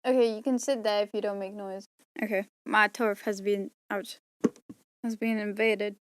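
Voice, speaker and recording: Recording an audiobook in a home room, a tired woman talks to herself between takes, rambling and joking at her own expense. She speaks at a moderate pace with a flat delivery, her medium-pitched voice clean in tone and free of echo.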